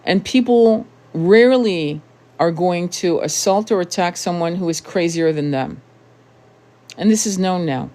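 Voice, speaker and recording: A woman's voice: low voice, mellow. A woman in her thirties giving an impassioned monologue to camera, blunt and emphatic, with frequent swearing and rhetorical questions. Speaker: tarot channel host.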